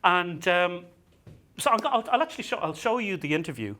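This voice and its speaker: Male stand-up comic on stage mic, bright tone, lively swooping pitch, stumbling self-mocking delivery. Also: fairly quick. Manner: self-deprecating, stammering restarts, acts out dialogue. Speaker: stand-up comedian. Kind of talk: stand-up comedy set. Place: comedy venue stage.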